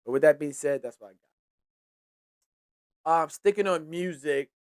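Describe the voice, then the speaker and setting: A man's voice: fairly high pitch, moderate pace. A man hosting a hip-hop podcast who talks casually and profanely, gives heated opinions and often trails off and restarts his sentences. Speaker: podcast host.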